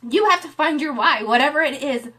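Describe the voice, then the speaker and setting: Bright, high-voiced woman giving an earnest pep talk. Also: animated, brisk. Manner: earnest, fired-up, rambling with restarts. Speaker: accountability group coach. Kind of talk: motivational live stream talk.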